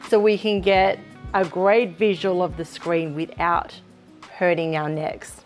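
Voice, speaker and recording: A woman's voice: fairly low pitch, steady tone, a little slow, soft background music. A woman giving practical advice to early childhood teachers in an instructional video, speaking in an encouraging, down-to-earth way. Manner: practical, encouraging, demonstrates read-aloud intonation.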